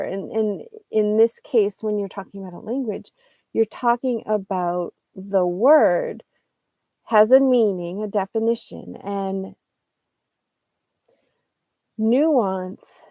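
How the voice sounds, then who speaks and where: A woman teaching English in an unscripted online lesson, explaining slowly and thoughtfully, pausing and correcting herself as she goes. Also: medium pitch, warm tone, dry recording. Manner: slow, thoughtful, explains with pauses and self-corrections.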